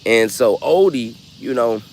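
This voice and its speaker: Animated male vlogger, loose storyteller, lively delivery, faint road noise behind. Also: medium pitch, a little slow. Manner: animated, loose, acts out voices. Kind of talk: casual storytelling.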